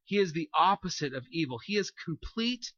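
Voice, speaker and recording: A man preaching a sermon in a lively, joking way, acting out everyday scenes. His voice sits high and rings bright. The sound is dry and a little dull. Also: moderate pace, no room sound. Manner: animated, jokey preaching with acted-out asides. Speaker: pastor.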